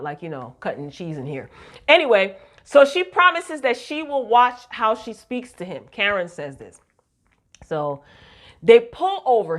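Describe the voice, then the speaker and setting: A woman, casually recapping a TV drama episode in a chatty, animated way with slang. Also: mid-range voice. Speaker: recap vlogger.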